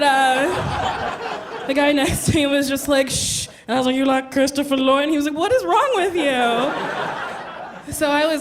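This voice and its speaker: A woman telling brash, laughing stories in a stand-up comedy set, acting out voices, recorded live on stage. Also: high voice. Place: comedy club stage before a live audience. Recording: live show with loud crowd laughter.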